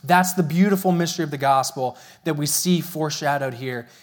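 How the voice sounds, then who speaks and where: A young man preaching a sermon as pastor, telling a family story and slowing down to stress key phrases. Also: fairly high pitch. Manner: storytelling, earnest and emphatic, slows for key phrases.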